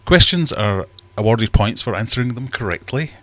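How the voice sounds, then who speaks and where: A man's voice: medium pitch, lively intonation, normal speed, a bit bright, no echo. A man hosting a casual livestream from his home fish room, chatting in a rambling, self-deprecating way. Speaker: livestream host.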